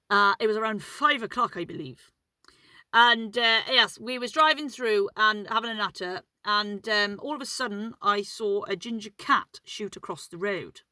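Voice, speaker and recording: A woman's voice: medium pitch, pushed and bright, no room sound, rough recording. A woman telling a story in a casual vlog from inside her car, chatty and rambling, swearing freely. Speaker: vlogger.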